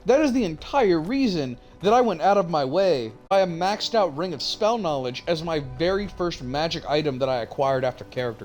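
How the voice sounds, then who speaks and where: A man's voice: high-pitched, a little mellow. A young man streaming a game, chatting casually and telling a rambling, profane story. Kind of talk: casual chat while gaming.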